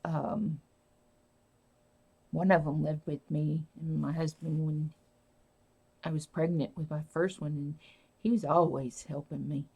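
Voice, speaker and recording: A woman's voice: low voice, steady tone, measured pace, long pauses, dark tone, slightly rough. A woman hosting a casual live stream, rambling and answering viewer comments as she talks.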